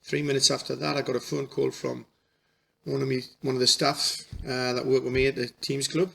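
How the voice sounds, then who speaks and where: A middle-aged man telling a personal story in a halting, emotional way, restarting his sentences often. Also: medium pitch, level tone, creaky, a bit bright. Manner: halting, repeats and restarts, folksy dialect. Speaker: spiritual healer.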